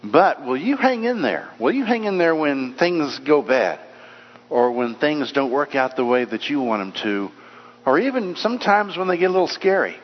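Brief: male pastor, mid-pitched, chatty sermon delivery, muffled sound with long church reverb. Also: very animated, moderate pace. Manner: conversational, storytelling preacher. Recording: dull echoey church hall recording.

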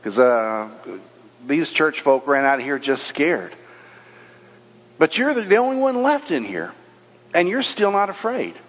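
A man's voice: a little high, very animated, a little slow, pauses often. A preacher puts on an irritated male devil who presses his questions in a raised, pushy voice. The sound is muffled and rings in a long church hall echo. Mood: baffled.

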